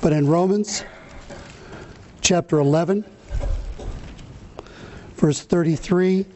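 High, mellow-voiced male preacher. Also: slight background noise. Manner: earnest, slow scripture reading, fillers and restarts. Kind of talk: sermon.

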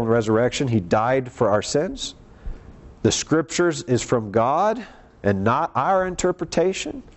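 A man preaching a sermon in a church, earnest and emphatic, climbing into urgent appeals and settling low at the ends of phrases.

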